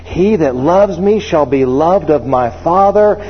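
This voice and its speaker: A man with a fairly high, husky voice preaches a sermon, mixing scripture reading with lively, joking stories and put-on voices. His words ring out in a large hall with a long reverb. The sound is muffled and lo-fi. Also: a little slow. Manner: animated, humorous storytelling with acted voices. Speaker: pastor.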